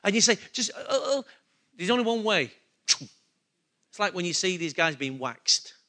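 Male preacher, high and bright, casual sermon delivery full of questions. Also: lively intonation, measured pace. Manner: conversational, asks the congregation questions. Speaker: pastor.

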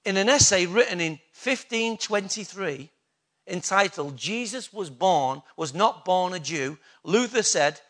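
A man's voice: sits high, animated, unhurried, fairly bright tone. A man preaching a sermon, emphatic and full of rhetorical questions to the congregation.

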